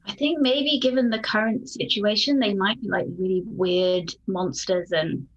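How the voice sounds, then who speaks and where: A woman playing a tabletop role-playing game, speaking in halting, trailing phrases. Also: medium pitch, fairly even intonation, lo-fi sound. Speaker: player.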